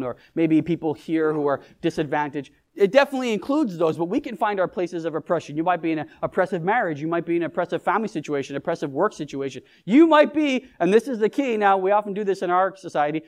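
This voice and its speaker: A pastor with a notably high voice delivers a casual, conversational sermon. He keeps turning to the congregation with questions and light jokes, as if chatting with them. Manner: engages the congregation with questions and humor.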